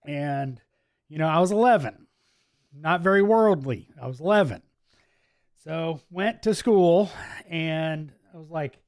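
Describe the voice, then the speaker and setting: A man's voice: fairly high pitch, measured pace, pauses often, dry recording, clean studio sound. Laid-back man, Midwest-Southern accent. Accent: mixed Midwest and Southern US. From US Midwest, Wisconsin. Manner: chatty and laid-back, laughs often. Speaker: livestream host. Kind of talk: casual live chat reading viewer comments. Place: home office.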